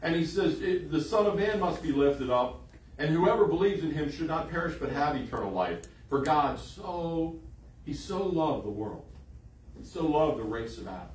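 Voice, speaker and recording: A man's voice: fairly high pitch, animated, moderate pace, a little mellow, a little hiss or hum. A man preaching a sermon in an emphatic way, repeating phrases for emphasis. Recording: echoey room, voice from a distance.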